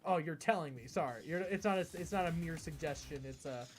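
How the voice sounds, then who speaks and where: Over background music, an American streamer with a higher-pitched voice talks a little quickly in a rambling, chatty live-stream chat with his audience, frequently reading messages from chat out loud. There's slight background noise.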